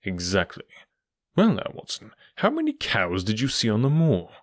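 A man voicing a keen, commanding detective in an audiobook, eager and probing, sometimes dropping to a low murmur. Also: wildly swooping pitch, normal speed, no echo. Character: keen, commanding middle-aged male detective. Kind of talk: audiobook character voice.

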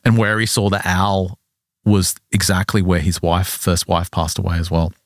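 Low-voiced man telling a story. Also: no echo, clean studio sound. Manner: animated retelling with quick acted quotes. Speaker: podcast co-host telling a story. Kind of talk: casual storytelling chat.

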